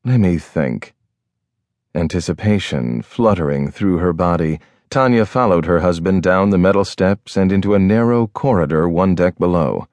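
A man narrating a thriller audiobook in a measured, storytelling manner. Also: sits low, darkish tone, no echo. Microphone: close studio mic.

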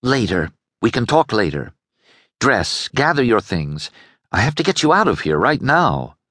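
A man's voice: medium pitch, very animated, measured pace, fairly bright tone, no echo, clean studio sound, voice pushed up. A man voicing a determined young noblewoman in an audiobook, urgent and pleading. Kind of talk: audiobook character voice.

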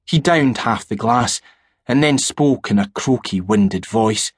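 Husky male audiobook narrator. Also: mid-range voice, no echo, studio quality. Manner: measured, storytelling. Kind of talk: scripted horror narration.

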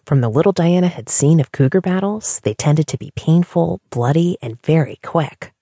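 A woman narrating an audiobook in an expressive storytelling manner. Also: low voice, normal speed, breathy edge, no room sound, clean studio sound.

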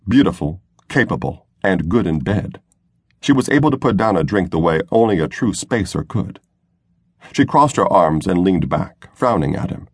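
A man reading a science fiction novel aloud as audiobook narrator, in a measured storytelling manner. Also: deep voice, husky, dry recording, studio quality. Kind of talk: scripted narration.

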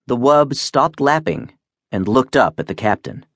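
A man reading science fiction aloud as an audiobook narrator, in a measured, expressive way on a close studio mic. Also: mid-range voice, no echo. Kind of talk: scripted narration.

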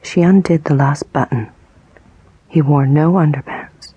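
A woman narrating an audiobook in a hushed, breathy whisper, slow and intimate. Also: sits low, no echo, lo-fi sound. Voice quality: breathy, husky, gravelly.

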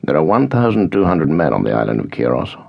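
A man reading an audiobook, voicing a calm, grave senior British captain who speaks in a measured, authoritative way, on a dull lo-fi recording. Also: very deep voice, vocal fry, exaggerated voice.

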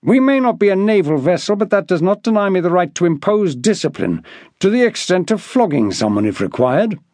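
A brooding, hard-edged ship's captain, as a man plays him, giving orders in a tight, clipped voice. He pitches his lines up high, and the sound is close and dry. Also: very animated, fairly quick, a little mellow, no echo. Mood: commanding. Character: brooding, harsh ship's captain, commanding and cold.

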